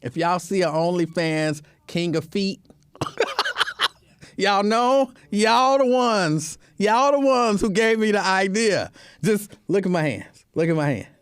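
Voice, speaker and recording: A man's voice: sits high, takes it slowly, fairly bright tone, smooth, no room sound. A man hosting a show, telling a comedic casual monologue with joking, repetitive asides. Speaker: show host.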